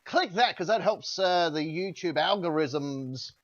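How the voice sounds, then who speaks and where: A man's voice: fairly high pitch, animated, unhurried. A man hosting a casual podcast. He rambles, restarts and says "uh" a lot. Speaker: podcast host. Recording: dull lo-fi sound.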